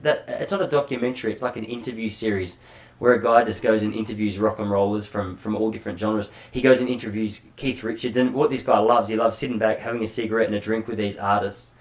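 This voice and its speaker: An Australian man hosting a podcast alone, chatting in a rambling, self-deprecating way with casual swearing. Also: on the low side. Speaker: podcast host. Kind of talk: solo casual monologue.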